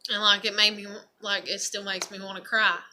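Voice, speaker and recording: A woman's voice: mid-range voice, level tone, a little fast, bright, forceful tone, slight background noise. A young woman talking candidly to the camera in a rambling personal vlog, swearing freely. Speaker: vlogger. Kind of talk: casual personal vlog monologue.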